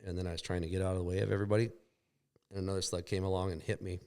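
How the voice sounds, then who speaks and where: A podcast guest in a shop tells a long, rambling, profane story about a crash, acting out what people said. His voice is deep and resonant, clear and a little mellow. He talks very fast in a level tone.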